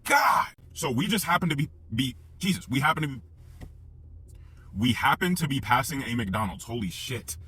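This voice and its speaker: Husky young man, mid pitch, swearing through a lively storytime monologue. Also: normal speed. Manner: profane, animated retelling that acts out the sounds of the story.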